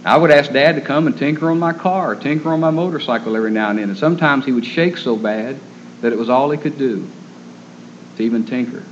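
A man preaching a sermon in an earnest, gentle storytelling manner. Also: medium pitch, quick pace, a little hiss or hum. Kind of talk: sermon on caring for the terminally ill. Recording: dull lo-fi recording.

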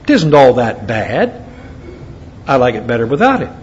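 An American man preaches a sermon in a medium-pitched, slightly mellow voice, at normal speed with big swings in pitch. He blends scripture readings with folksy asides. The recording is dull and lo-fi, with faint background noise.

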